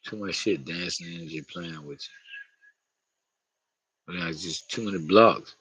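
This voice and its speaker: A man's voice: deep voice, measured pace, pauses often, a bit bright, slightly rough, no room sound, lo-fi sound. A man talking to camera outdoors in a loose, rambling monologue, slangy and profane, often laughing. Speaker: vlogger.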